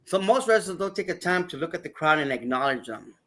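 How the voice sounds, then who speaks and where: A man, a wrestling referee guest on a podcast, telling stories in a lively, profane way and acting out other people's voices. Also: fairly high pitch, quick pace. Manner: animated, acts out voices, swears freely. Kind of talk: casual podcast storytelling.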